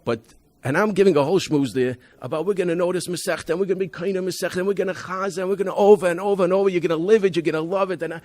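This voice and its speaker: Rapid-fire and high-sitting, his darkish voice keeps fairly even intonation, recorded with no room sound. This rabbi gives a convention talk on a school program, telling emphatic stories about students with frequent restarts and Hebrew and Yiddish words.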